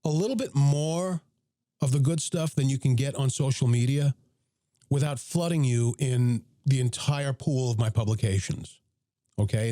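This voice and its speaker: Podcast host, male, hoarse and raspy after a cold, mellow tone, dry close sound. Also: no room sound. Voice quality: deep, raspy. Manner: chatty, blunt, self-promoting. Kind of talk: casual livestream talk.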